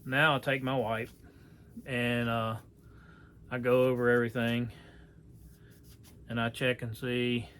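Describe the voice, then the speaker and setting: Man, middle pitch, casual workshop demo delivery, rambling with fillers, faint background hiss. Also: little pitch movement, takes it slowly, pauses often, fairly bright tone. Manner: folksy, rambling, many fillers and self-corrections. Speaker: archery how-to presenter. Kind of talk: casual hands-on demonstration.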